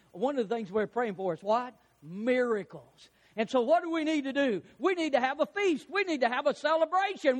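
Putting questions to his congregation, this pastor delivers a fervent sermon that climbs into shouting. His male voice is extremely high-pitched.

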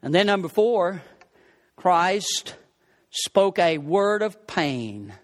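High-voiced preacher in a reverberant hall. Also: male voice, sing-song, very slow. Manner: emphatic, swinging between rising exclamations and low asides. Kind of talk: sermon.

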